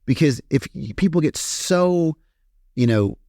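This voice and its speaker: A man from Kentucky, a podcast guest telling his story in a candid, animated way and swearing freely. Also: a little high, measured pace, dry recording, studio quality. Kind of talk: casual storytelling interview.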